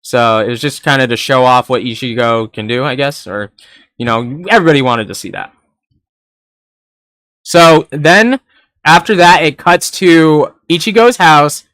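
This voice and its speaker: A man's voice: mid-range voice, a bit bright, clear, resonant tone, no room sound, studio quality. A young man reviewing an anime episode in a rambling, casual way, laughing often and swearing now and then.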